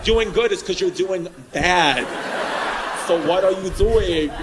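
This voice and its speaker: A man doing a stand-up set in a comedy club, riffing loudly with the crowd and working the room. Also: high voice, slow. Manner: loud, riffing, crowd work. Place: comedy club with live audience. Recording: live club recording with crowd noise.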